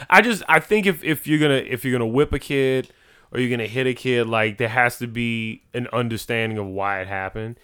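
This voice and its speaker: A young man in casual podcast chat, loud and animated, swearing freely. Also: mid-range voice, brisk, smooth.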